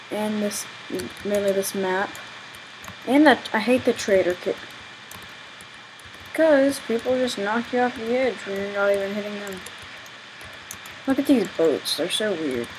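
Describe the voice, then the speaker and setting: A woman's voice: mid-range voice, measured pace, pauses often, background noise. A young woman giving chatty, exasperated commentary on her own gameplay, exclaiming often. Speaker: gaming channel host.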